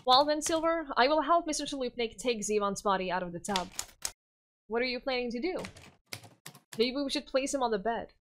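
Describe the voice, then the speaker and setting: A woman voicing a composed adult man who speaks in a measured, matter-of-fact way. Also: a little high, expressive, a little hiss or hum, lightly acted. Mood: calm.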